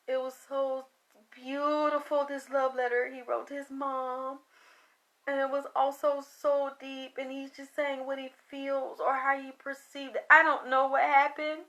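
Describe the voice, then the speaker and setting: A psychic reader, tired after a late night, talks to her livestream viewers in an emotional, rambling way, often trailing off into sighs. Her voice sits high with a sharp tone.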